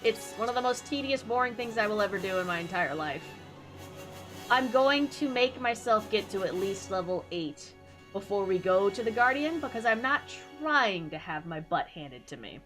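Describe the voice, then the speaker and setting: A woman's voice: medium pitch, expressive, moderate pace, a bit bright, faint music behind. A woman streamer giving casual, playful and self-mocking commentary while playing a game.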